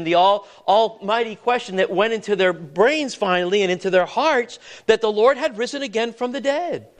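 A high-pitched man preaches a sermon in an earnest, conversational style. He frequently restarts his words and asks the congregation questions.

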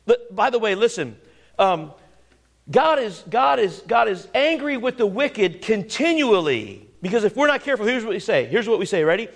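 A male preacher with a notably high voice delivers a sermon. He reads verses aloud and drives his points home with restarts, repetition and direct questions to his listeners. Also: big pitch swings, normal speed. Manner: emphatic, repeats words and asks the congregation questions.

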